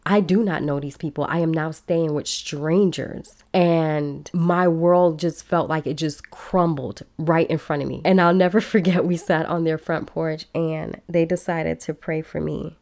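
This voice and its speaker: A woman's voice: low-pitched, steady tone, measured pace, hardly any pauses, darkish tone. A woman podcast host telling a personal story in a casual, chatty way, talking straight to her listeners.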